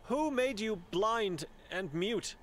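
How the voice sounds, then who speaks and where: Polite anxious monk from Hungary, game character, lively pitch, unhurried. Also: male voice, a little hiss or hum, full character voice. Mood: pleading. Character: earnest young male monk searching for his sister.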